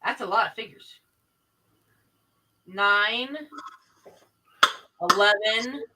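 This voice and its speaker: A woman with a bright, clear voice counts out and comments on what's in the boxes in an easygoing chat. She sits back from the microphone. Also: mid-range voice, very slow, recorded from a distance, low-quality recording. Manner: counting and pointing out contents out loud. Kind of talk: casual chat.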